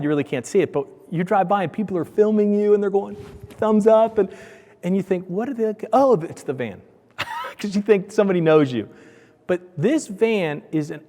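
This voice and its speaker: Animated male keynote speaker in a hall. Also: on the high side. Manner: animated storyteller, acts out family dialogue. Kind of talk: conference keynote storytelling. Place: large conference hall. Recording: hall reverb.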